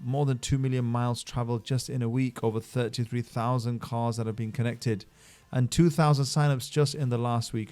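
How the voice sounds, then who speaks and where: A man's voice: medium pitch, a little mellow. Upbeat man hyping crypto picks. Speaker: channel host reviewing mining projects. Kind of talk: screen-share explainer voice-over.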